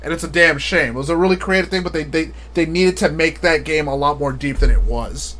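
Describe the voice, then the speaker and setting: High-voiced rambling male streamer. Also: brisk, a bit bright, a little hiss or hum. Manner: rambling, laughs often at his own jokes. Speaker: live streamer. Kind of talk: casual live-stream chat.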